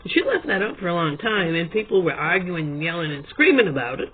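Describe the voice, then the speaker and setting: A man's voice: on the high side, sing-song, fairly quick, a little hiss or hum. A man telling a long, digressive story to his camera at home, chatty and prone to correcting himself. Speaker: video blogger. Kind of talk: rambling storytelling monologue. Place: room at home with a quilt behind him. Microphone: camera at his desk. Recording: tinny phone-like sound.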